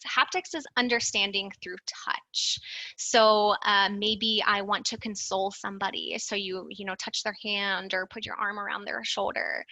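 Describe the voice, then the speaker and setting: A woman's voice: medium pitch, sharp tone, no room sound, poor audio. A woman in her thirties giving a conversational slide presentation, with lots of fillers and stressed key words. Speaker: alumni presenter.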